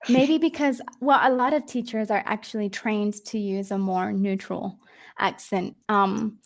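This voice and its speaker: A woman with an Australian accent, an English tutor chatting casually on a video call, laughing often and filling pauses with ums. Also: medium pitch, fairly even intonation, creaky.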